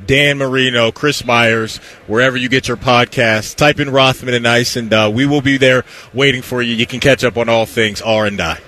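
A man co-hosting a sports radio show, teasing his partner with quick questions. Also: medium pitch, fairly even intonation, bright, forceful tone. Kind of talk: casual radio banter. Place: radio row broadcast booth.

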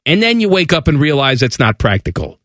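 A man co-hosting a radio show in casual banter, animated and mocking. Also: a little high, brisk, no echo, clean studio sound. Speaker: radio co-host.

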